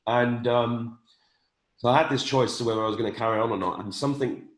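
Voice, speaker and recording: A man's voice: mid-range voice, fairly quick, echoey room, poor audio. A man in his fifties hosting a casual conversation, speaking earnestly with stammering restarts. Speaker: host.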